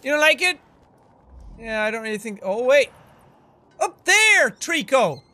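A man in his twenties hosts a gaming video, giving excitable let's play commentary, treating an in-game creature like a pet and swearing occasionally. His voice is very high and his pace measured.

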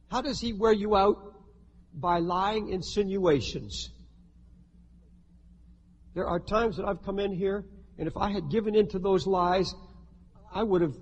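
A fervent male preacher delivers a sermon from the pulpit in a fairly high voice, pressing his points hard and slipping in wry jokes. A long hall reverb trails his words over faint room hum. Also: moderate pace, pauses often, a little mellow. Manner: fervent and emphatic, with humorous asides. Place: church sanctuary.

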